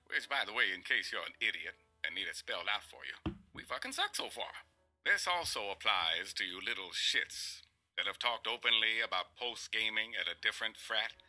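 A man's voice: on the low side, pushed and bright, full character voice, low-quality recording. A man doing a famous grave narrator voice. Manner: slow, grave delivery of a profane rant. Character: impression of a famous deep-voiced male narrator. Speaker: podcast host. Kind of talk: comic dramatic reading.

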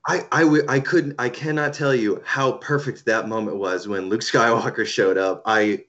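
A man on a podcast in casual chat, talking excitedly with stammering restarts. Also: mid-range voice, moderate pace. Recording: dull, lo-fi recording.

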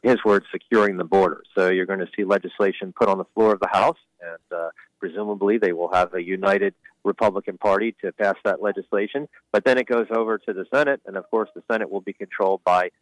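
A low-pitched man speaks as a political correspondent in a radio interview. He explains things steadily and fills pauses with "uh" and "you know." The sound is dry and close, with no room around it. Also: steady tone, no echo, low-quality recording. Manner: measured, explanatory, with frequent fillers. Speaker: White House correspondent.

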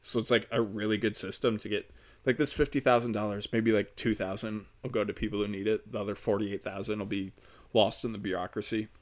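A young American man hosting a podcast is mid-rant, swearing constantly and getting worked up in heated, exasperated bursts. His voice is on the low side, with a flat delivery and a fairly quick pace.

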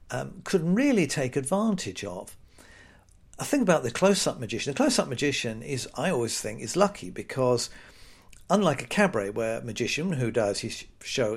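A man's voice: mid-range voice, creaky. A British man hosting his own podcast, talking casually and sarcastically, often slipping into quoted voices. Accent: British English. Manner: wry, sarcastic, chatty with mock-quoted voices. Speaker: podcast host. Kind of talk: casual solo podcast monologue.

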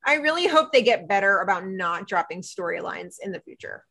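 Bright-voiced woman gabbing about a show. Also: mid-range voice, fairly quick, vocal fry. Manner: animated retelling with quoted dialogue, frequent "like". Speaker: podcast co-host. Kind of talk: casual chat recapping a TV episode.

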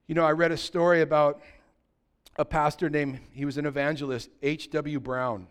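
A man, a pastor preaching a sermon and telling stories, swinging from loud passages to hushed ones. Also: a little high, steady tone, normal speed. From United States.

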